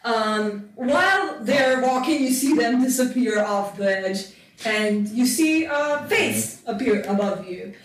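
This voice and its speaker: A woman's voice: a little high, expressive, slow pace. A woman narrating as game master of a tabletop game, in a loose, chatty way. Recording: roomy, distant mic, faint noise.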